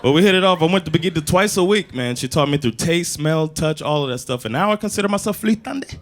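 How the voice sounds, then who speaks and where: A man doing a stand-up comedy set, telling animated stories and slipping in Swedish phrases and big impressions. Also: fairly high pitch, fast. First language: English. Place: comedy club stage before a live audience. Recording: live club recording with audience laughter and noise.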